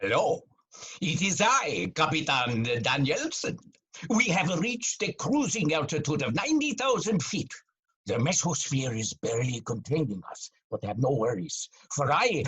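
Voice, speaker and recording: An actor playing a pompous male airline captain who drawls grandiose, suggestive announcements in a raspy voice. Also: high voice, fairly bright tone, exaggerated voice. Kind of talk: comedic audio drama acting.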